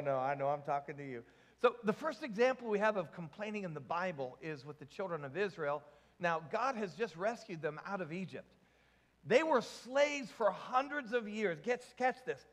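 A man's voice: high-pitched, big-room sound. A man preaching a sermon as pastor, joking and asking the congregation questions. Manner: jokey, asks the congregation questions.

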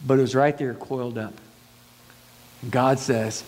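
A man preaching a sermon as pastor, retelling a story and acting out its dialogue with big swings in pitch. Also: fairly even intonation, measured pace, darkish tone. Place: church sanctuary. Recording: long church hall reverb.

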